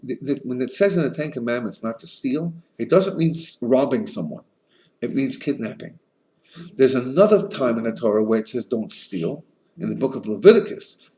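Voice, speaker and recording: A man, a rabbi, giving a Torah class in an animated storytelling manner with frequent restarts. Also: mid-range voice.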